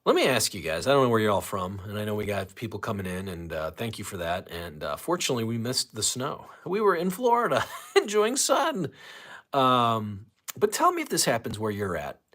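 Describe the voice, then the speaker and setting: A man's voice: lowish voice, big pitch swings, fairly quick, pushed and bright. A man from St. Louis hosting a casual livestream, ranting with lots of swearing and reading chat comments. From St. Louis, USA. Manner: ranting, profane, reads chat aloud. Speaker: livestream host.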